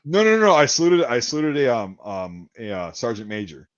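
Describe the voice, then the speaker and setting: A man's voice: mid-range voice, very animated, brisk, highs cut off. A man telling a rambling, profane story in casual chat, acting out the lines of the people in it. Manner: profane, rambling anecdotes with acted-out quotes.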